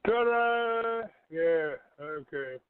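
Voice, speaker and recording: Profane, shouting male radio host. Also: high voice, lively intonation, extremely slow, clean tone, no echo, phone-quality sound. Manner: shouting, profane and abusive toward the caller. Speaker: radio talk show host. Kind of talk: call-in radio talk.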